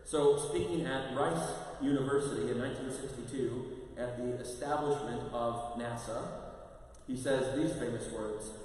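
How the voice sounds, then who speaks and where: A priest giving a parish mission talk in a conversational, animated way, acting out quotes. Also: male voice, mid-range voice, measured pace. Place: large church. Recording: echoey church, voice from far off.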